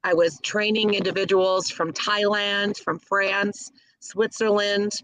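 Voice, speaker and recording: A woman's voice: medium pitch, little pitch movement, slow pace, no room sound, rough recording. Enthusiastic middle-aged woman caterer. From Chicago area. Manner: warm, gushing, enthusiastic. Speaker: guest, caterer. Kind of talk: interview storytelling.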